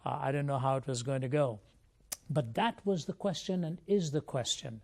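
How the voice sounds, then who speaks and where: A man's voice: medium pitch, animated, normal speed, vocal fry, darkish tone. An older man from India, a guest speaker, giving an earnest, reflective personal testimony in an interview.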